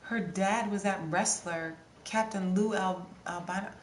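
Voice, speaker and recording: A woman's voice: medium pitch, fairly even intonation, unhurried. A young woman hosting a casual livestream, chatting loosely with viewers and reading their comments. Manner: chatty, scattered, answers song requests with bits of singing. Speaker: livestream host. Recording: roomy with faint ambient noise.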